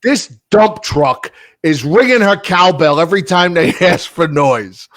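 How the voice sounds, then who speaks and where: A man's voice: on the high side, expressive, measured pace, a bit bright, no room sound. A man co-hosting a casual sports podcast, ranting animatedly and swearing freely. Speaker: podcast co-host. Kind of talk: casual chat.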